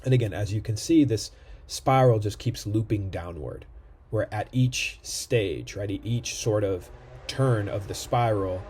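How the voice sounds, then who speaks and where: A man's voice: on the low side, a little slow, darkish tone, breathy edge. A man giving a recorded lecture, explaining step by step and checking in with "right?" often. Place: indoor room near a street.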